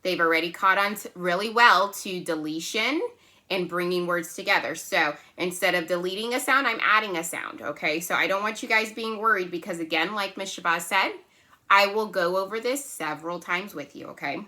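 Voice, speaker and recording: A woman teaching a phonics lesson to young children, patient and slow, checking in often with "right?" and "okay?". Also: lowish voice, bright, forceful tone. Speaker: kindergarten teacher.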